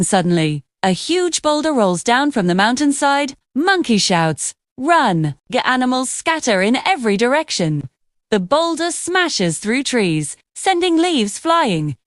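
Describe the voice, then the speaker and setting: Woman narrator for a kids' story, expressive, high-ish and animated. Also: measured pace, no room sound, clean studio sound.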